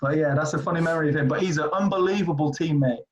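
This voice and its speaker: A man in his forties from England, telling basketball stories in a casual interview, animated and rambling with many fillers. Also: on the high side, rapid-fire, background noise. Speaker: streetball player guest. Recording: dull lo-fi audio.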